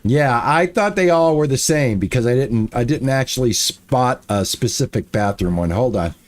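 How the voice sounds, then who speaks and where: A man's voice: mid-range voice, lively intonation, moderate pace. A man streaming a building game, talking to his viewers and himself, muttering and repeating lines when things go wrong. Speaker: gaming streamer. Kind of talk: casual let's-play commentary.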